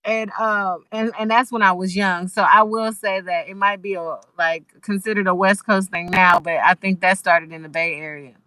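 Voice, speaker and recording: A guest musician from Los Angeles, USA, has a casual, thoughtful video-call chat, talking a lot and restarting often. Her medium-pitched voice is sharp and fairly even, moving at a moderate pace with few pauses. There's no room sound, and the audio is poor.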